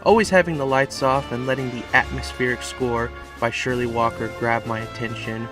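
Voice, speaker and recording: A man's voice: mid-range voice, fairly even intonation, normal speed. Earnest man narrating a tribute. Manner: earnest, reflective. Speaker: video essay narrator. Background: music.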